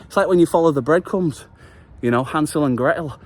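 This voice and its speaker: A man's voice: on the high side, a little fast, a little mellow. A man talking straight after a workout, delivering an earnest motivational vlog message with passion and the odd swear word. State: just finished a workout. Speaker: vlogger.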